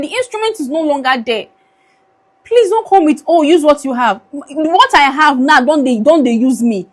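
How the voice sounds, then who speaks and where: A young Nigerian woman with a Nigerian accent, pleading wearily into her phone camera in an emotional vlog, slipping into Pidgin now and then. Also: high-pitched. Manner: pleading, weary, switches into Pidgin. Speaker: vlogger.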